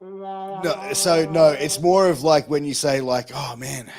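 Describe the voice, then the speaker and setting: A man's voice: on the high side, slow, over music. A man with an Australian accent hosting a podcast, laid-back and casual, swearing freely as he chats. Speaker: podcast host. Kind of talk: casual interview chat.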